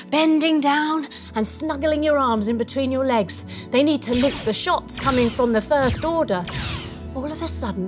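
A woman leading a children's yoga lesson as a story, lively and encouraging as she guides each move. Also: high-pitched. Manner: lively and encouraging, guiding moves step by step.

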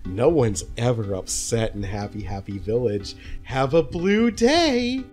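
Player putting on an eerily happy cultist, slow sing-song, lively pitch, faint game music. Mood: blissful. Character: blissed-out cult villager, eerily cheerful.

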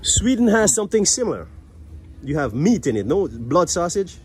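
A man with a Guyanese accent hosting guests at a market cafe, jovial and quick to laugh, in casual chat. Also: high voice, big pitch swings. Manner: jovial, laughs often, upbeat tour-guide patter. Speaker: cafe host. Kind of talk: casual chat on a food tour. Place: outdoor market cafe table.

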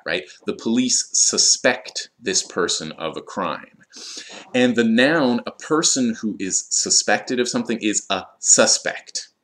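A man with a lowish voice teaches English vocabulary. He explains each word at an unhurried, drawn-out pace and fills the pauses with "um" and "uh". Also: fairly bright tone. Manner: slow, deliberate explanations with fillers. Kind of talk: vocabulary lesson.

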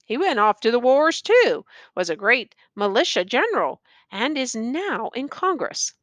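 A woman's voice: fairly high pitch, big pitch swings, unhurried, fairly bright tone, no room sound. Woman doing a thin-voiced, piping old villager. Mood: matter-of-fact.

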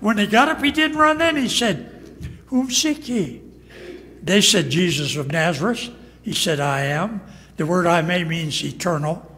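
A man's voice: high voice, expressive, normal speed, bright, forceful tone, big-room sound. A man preaching a sermon as pastor, emphatic and acting out quoted lines. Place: church sanctuary.

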